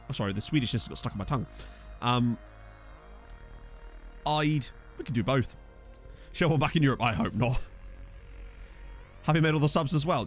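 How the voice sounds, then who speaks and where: A man streaming a football management game, rambling and riffing with his chat between excitable outbursts. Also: mid-range voice, normal speed, pauses often, soft background music.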